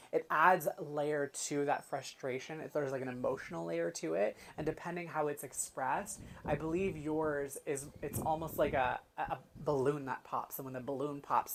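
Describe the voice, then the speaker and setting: A woman guide chatting casually, telling animated stories and acting out what people say. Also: sits low, creaky, slight background noise. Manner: animated storytelling, acts out quotes. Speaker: human design guide. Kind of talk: casual chat.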